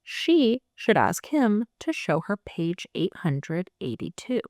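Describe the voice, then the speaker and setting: A woman's voice: on the low side, sing-song, slow pace, a little mellow, no room sound, clean studio sound. A woman host giving a sarcastic, chatty book recap, full of filler words. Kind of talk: casual book recap chat.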